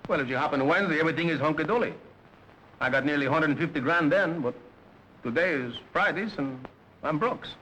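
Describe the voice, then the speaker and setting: An actor playing a boisterous immigrant gambler, speaking broken English and chuckling often, in 1930s film dialogue. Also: male voice, fairly high pitch, a little fast, bright, forceful tone, slight background noise, poor audio. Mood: puzzled.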